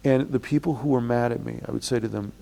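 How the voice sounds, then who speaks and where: A man's voice: medium pitch, quick pace, gravelly. A man interviewed about his experiences, telling long rambling stories with many restarts and an indignant edge. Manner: rambling, restarts often, acts out quoted people loudly. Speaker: interviewee, blogger. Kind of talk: storytelling in an interview.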